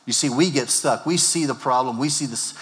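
A male pastor preaching a sermon, animated and acting out the disciples' lines in character voices. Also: medium pitch, fairly quick. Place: church sanctuary. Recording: long hall reverb.

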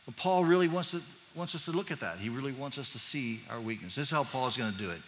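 A man's voice: mid-range voice, expressive, fast talker, fairly bright tone, a little hiss or hum. A man preaching a conversational sermon, casual and chatty with joking asides, in a church sanctuary. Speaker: pastor. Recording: long reverb of a large hall.

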